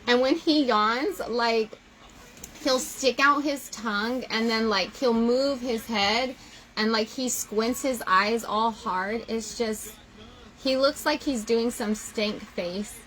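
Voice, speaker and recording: A young woman chatting straight to her viewers in a high, bright voice, animated and full of feeling, often gushing. A faint hiss of noise sits underneath her voice. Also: slow pace, low-quality recording. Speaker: vlogger. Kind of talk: casual chat to viewers.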